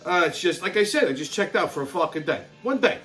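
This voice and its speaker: A man's voice: sits high, lively intonation, quick pace, bright, forceful tone, soft background music. A man from New York hosting his own channel, ranting bluntly with heavy swearing and stammering restarts. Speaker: channel host. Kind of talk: profane ranting commentary.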